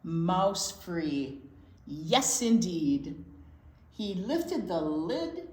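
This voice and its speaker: A woman, a children's librarian, reading a picture book aloud to young children and pausing to talk about the pictures. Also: fairly low pitch. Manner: unhurried, expressive reading to young kids. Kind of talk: children's read-aloud storytime. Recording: roomy echo.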